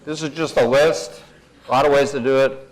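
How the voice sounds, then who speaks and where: Speaking at a conference in a middle pitch and steady tone, an older man rambles in a folksy, self-deprecating way and laughs softly at his own digressions. He drifts naturally into a calm guided imagery exercise, though the audio quality is poor.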